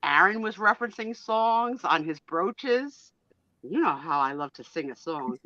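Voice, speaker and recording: A woman's voice: fairly low pitch, lively intonation, a little slow, sharp tone, dry recording, lo-fi sound. A woman joining a live stream as a regular co-host, talking in a playful, teasing, theatrical way.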